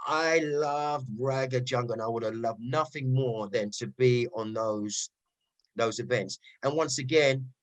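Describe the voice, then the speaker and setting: A middle-aged man with a Cockney accent, a rave MC guest telling stories in a casual interview, animated and often checking in with "right?". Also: mid-range voice, measured pace, poor audio. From East London. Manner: animated storyteller, frequent "right?" asides.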